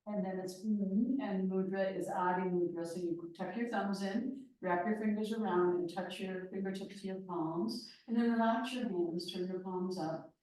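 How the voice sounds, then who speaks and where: A woman leading a guided yoga class on chanting and hand gestures, instructing gently with light laughs. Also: mid-range voice, fairly even intonation, normal speed, few pauses. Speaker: yoga teacher. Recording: echoey room from far off.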